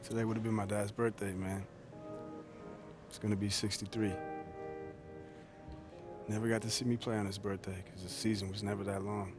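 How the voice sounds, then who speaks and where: An actor playing a young basketball pro who speaks in a subdued, reflective way in a video game cutscene. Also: male voice, fairly low pitch, level tone, normal speed, pauses often, close to an everyday voice. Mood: somber. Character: young male basketball pro, grieving son. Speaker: basketball player. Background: music.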